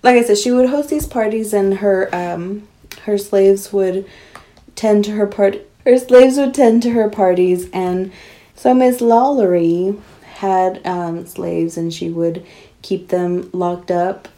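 A woman co-hosting a casual podcast, talking in a playful, joking way with quick laughs. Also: medium pitch, dark tone. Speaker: podcast co-host.

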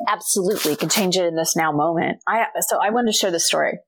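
A woman's voice: fairly low pitch, fast talker. A middle-aged woman, a guest author, telling a personal story in a casual interview and acting out the dialogue. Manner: animated storyteller, acts out quoted dialogue.

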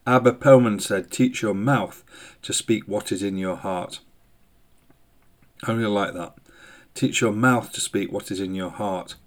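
A man hosting a podcast, speaking a slow, thoughtful spoken meditation with hesitant phrasing. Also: lowish voice. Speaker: podcast host. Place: indoors by a window in the rain.

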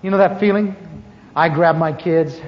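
An older man with a fairly high voice tells a funny personal testimony at a moderate pace, acting out each bit of dialogue with animation. The recording comes from an echoey hall and sounds dull and lo-fi, with a faint hiss.

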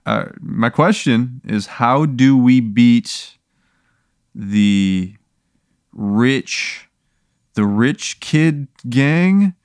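Comedy podcast guest: slow, halting deadpan man, dry booth sound. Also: medium pitch, dry recording. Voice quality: deadpan, hesitant, uses "uh" a lot. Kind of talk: casual comedy chat.

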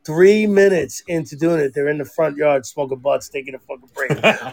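A man hosting a podcast, telling stories in profane, animated casual chat. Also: on the high side, brisk, vocal fry, a crowd in the background. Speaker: podcast host.

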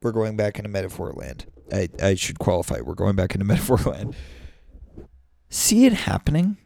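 Man, low gravelly voice, slow, profane, self-mocking, solo podcast host, dry sound. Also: lively intonation, dark tone, dry recording. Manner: profane, self-mocking, loose with extended metaphors. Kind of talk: solo rambling monologue. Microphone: studio microphone.

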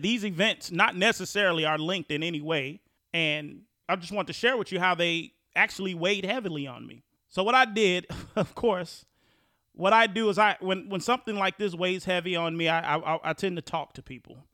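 A man's voice: high voice, moderate pace, sharp tone, no echo, studio quality. A man hosting a podcast, talking in a casual, conversational way and often restarting his sentences as he thinks. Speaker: podcast host.

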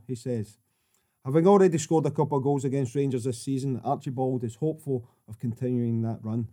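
A man hosting a chat show, with a voice of ordinary pitch. He reads through his notes in a steady, matter-of-fact way between stories. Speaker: host. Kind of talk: reading notes aloud and chatting.

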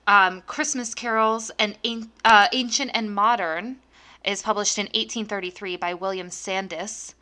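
A woman's voice: medium pitch, fairly even intonation, unhurried, sharp tone. A young woman co-hosting a podcast, chatting casually with lots of fillers and laughs. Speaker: podcast co-host. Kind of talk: casual chat.

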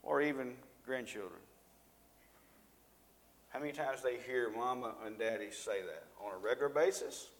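A man's voice: medium pitch, normal speed, long pauses. Man preaching in a reverberant hall. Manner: conversational, asks the audience questions and repeats himself. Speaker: lay preacher and school teacher. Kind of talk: live sermon to a congregation. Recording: long reverb of a large hall.

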